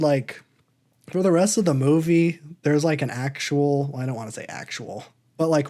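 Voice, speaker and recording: Dude rambling on a podcast, wry and hedgy, lots of trailing off, mid-pitched voice. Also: male voice, darkish tone. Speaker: podcast co-host. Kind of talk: casual chat.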